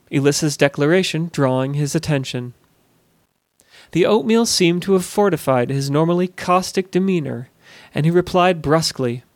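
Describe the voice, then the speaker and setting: A man narrating a fantasy audiobook in a measured storytelling manner, on a close studio mic. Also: on the high side, no room sound.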